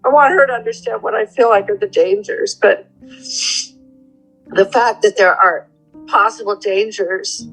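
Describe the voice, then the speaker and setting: An older woman talking earnestly in a therapy session, halting and close to tears. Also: medium pitch, a bit bright, husky, faint music behind, rough recording. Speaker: mother of the host. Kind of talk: emotional conversation in therapy.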